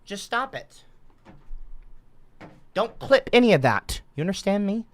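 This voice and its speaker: A woman's voice: medium pitch, sing-song, unhurried, long pauses. A woman streaming while she paints, rambling sarcastically and swearing often. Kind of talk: casual rambling stream talk.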